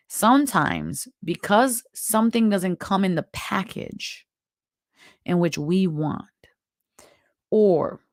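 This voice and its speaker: Host of a live tarot stream: gravelly, close and dry, throat worn out, chatty and encouraging. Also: mid-range voice, no room sound. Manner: chatty, encouraging, spiritual advice. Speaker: tarot reader and show host.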